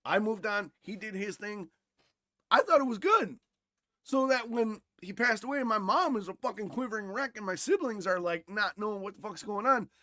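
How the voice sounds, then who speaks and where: A man co-hosting a podcast, talking bluntly and with lots of swearing, going from loud rants to quiet reflection. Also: high-pitched, animated, normal speed, no room sound. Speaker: podcast co-host. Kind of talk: casual chat.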